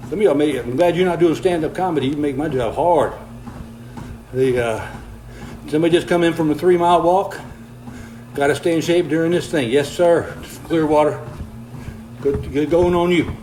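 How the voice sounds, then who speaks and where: A man's voice: on the high side, moderate pace, dark tone, slight background noise, rough recording. An older man, chatting casually on a livestream, reading viewer comments while walking on a treadmill, folksy and easygoing, slightly out of breath. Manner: folksy, easygoing, chuckles often.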